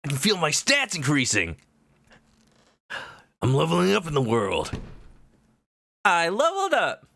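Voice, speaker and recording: A man's voice: fairly high pitch, sing-song, moderate pace, vocal fry, pauses often, pushed and bright. A young man casually commenting on a game as he streams it, joking as he goes. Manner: playful, jokey.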